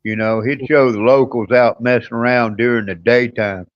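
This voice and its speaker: A man's voice: mid-range voice, steady tone, normal speed, no echo. A man co-hosting a livestream in casual chat, laid-back and matter-of-fact. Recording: dull lo-fi dry call audio.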